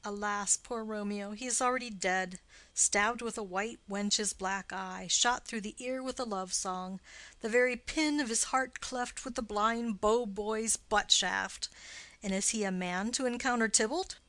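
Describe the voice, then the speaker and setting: A woman's voice: mid-range voice, measured pace, a bit bright, no room sound, close to an everyday voice. A woman reading a witty, mocking young nobleman.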